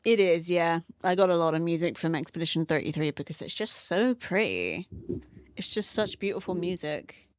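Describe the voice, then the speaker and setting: A woman's voice: lowish voice, animated, moderate pace, dry recording. A woman streaming from home, chatting casually and candidly with her viewers while setting up a game. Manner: chatty and candid, greets chat by name, swears casually.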